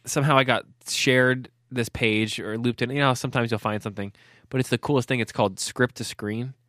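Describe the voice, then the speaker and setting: A man's voice: mid-range voice, steady tone, a little fast, a bit bright, dry recording, studio quality. A man co-hosting a podcast, telling stories in a loose, rambling way. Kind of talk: casual podcast chat.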